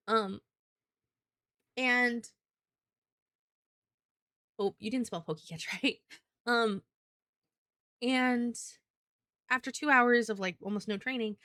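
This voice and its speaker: Young woman streamer just rambling and cussing, kinda high voice, dry close mic. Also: a little slow, pauses often, fairly bright tone, no room sound. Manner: rambling and profane, chatting with viewers. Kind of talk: casual livestream chat.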